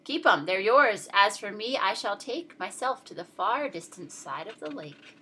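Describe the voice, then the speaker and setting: A woman voicing a gentle, big-hearted male moose who speaks politely and patiently. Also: medium pitch, expressive, a little slow, a little hiss or hum. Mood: relieved.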